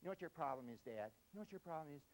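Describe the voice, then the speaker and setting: A man's voice: fairly high pitch, lively intonation, rapid-fire, slight background noise, lightly acted, rough recording. A man voicing a mouthy teenage son who talks back to his dad sarcastically. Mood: sarcastic.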